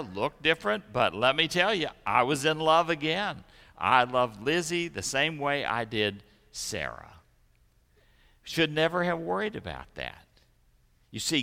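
A middle-aged man preaching a sermon, telling stories gently and then preaching with energy. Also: mid-range voice. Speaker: pastor. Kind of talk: sermon and children's message. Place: church sanctuary. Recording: echoey church sanctuary.

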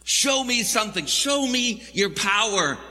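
A man's voice: high-pitched, expressive, a little slow, bright, forceful tone. A man preaching a sermon in a church, telling the story in a conversational, wry way. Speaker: pastor. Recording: long hall reverb.

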